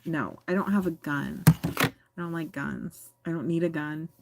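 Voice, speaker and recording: Low-voiced giggly American woman streamer. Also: measured pace, vocal fry, darkish tone. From United States. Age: adult. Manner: giggly, teasing, chatty. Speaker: livestream host reading chat. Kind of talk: casual livestream chat.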